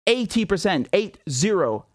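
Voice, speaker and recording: A man's voice: sits high, sing-song, measured pace. A man hosting a political commentary show, talking casually in a sarcastic, indignant rant with swearing.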